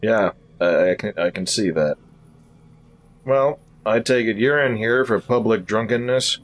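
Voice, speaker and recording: Man voicing a wary male warrior, helmeted, dry, blunt, low-pitched. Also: unhurried, lightly acted.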